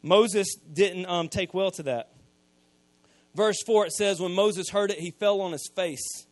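A man, preaching a sermon, retelling scripture in casual everyday speech and swinging from quiet asides to loud emphasis. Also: sits high, a little slow, dry recording. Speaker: pastor.

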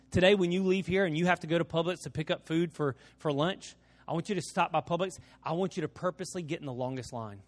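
A middle-aged man preaching a sermon, telling stories with many restarts and repeated words. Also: fairly high pitch. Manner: alternates lively story passages with quiet, slow appeals. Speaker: pastor.

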